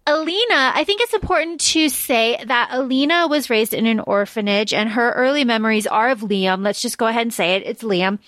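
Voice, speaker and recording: A woman with a fairly high voice recaps a novel for her podcast in loose, chatty talk. She is blunt and swears now and then. The sound is close and dry, with no room echo. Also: fairly quick, few pauses, fairly bright tone. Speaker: podcast co-host. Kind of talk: casual book-discussion chat.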